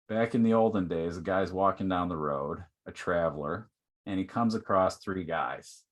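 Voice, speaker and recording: Low-voiced man teaching casually. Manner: conversational, uses many fillers like "like" and "okay". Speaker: workshop presenter. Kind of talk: online teaching talk.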